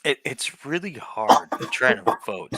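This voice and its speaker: A man hosting a livestream, speaking in a halting way and restarting words as he thinks aloud. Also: medium pitch, expressive, fairly bright tone. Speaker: livestream host. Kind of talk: casual live chat.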